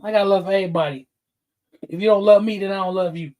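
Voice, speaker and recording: A man's voice: sits high, steady tone, quick pace, muffled recording. Man, livestream host, casual chat, greets viewers, fired up, laughs often.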